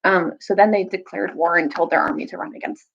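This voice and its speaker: Brief: young woman, storytime reader, lively kid-friendly delivery, slightly muffled lo-fi sound. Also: a little fast, creaky, slight background noise. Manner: animated, jumps high for quoted characters. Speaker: storyteller reading aloud to children. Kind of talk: casual storytime recap and read-aloud.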